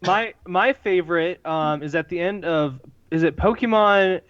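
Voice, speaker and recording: A man's voice: sits high, a little slow, fairly bright tone, smooth, lo-fi sound. A man co-hosting a podcast, rambling and searching for words in casual chat. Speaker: podcast co-host.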